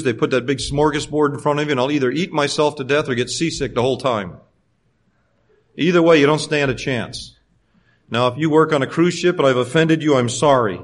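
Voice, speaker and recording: A man delivers a sermon from the pulpit in a voice sitting a bit above the usual male range. He swings between raised, animated passages and hushed, drawn-out lines. He acts out the quoted voices as he goes. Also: on the high side. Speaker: preacher.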